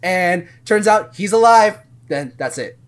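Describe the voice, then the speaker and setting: A woman's voice: lowish voice, lively intonation, measured pace. A woman co-hosting a podcast, retelling a movie plot in a rambling way, acting out the lines and laughing often. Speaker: podcast co-host. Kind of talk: casual movie recap chat.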